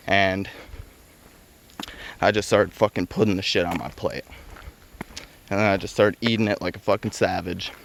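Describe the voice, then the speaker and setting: Young guy, lower voice, foul-mouthed, laughing storyteller; noisy background. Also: creaky. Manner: heavy swearing, laughs between lines. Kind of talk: casual spoken storytelling.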